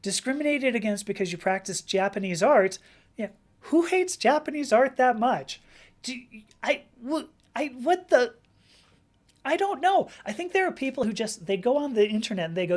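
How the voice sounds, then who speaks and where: A woman talking on her live stream in a loose, rambling way. She restarts her sentences often, gets animated, and slips into quick acted-out voices when she quotes people. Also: on the high side. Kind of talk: live-stream talk reading viewer comments.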